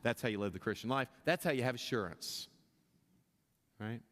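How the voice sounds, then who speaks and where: A pastor preaching a sermon, impassioned, often restarting his sentences and building to louder, higher climaxes. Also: normal speed. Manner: impassioned, rising in pitch and volume at climaxes, many restarts. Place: church sanctuary. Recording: long reverb of a church hall.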